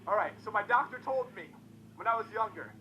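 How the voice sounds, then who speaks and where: A young man in his twenties talks straight to his viewers, chatty and self-mocking. His voice sits high and bright, and he rattles along fast. A faint hiss runs under the recording. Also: lively intonation, rough recording. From Connecticut, US. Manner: chatty, self-deprecating, addresses viewers as guys. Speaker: YouTuber. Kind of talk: casual vlog chat.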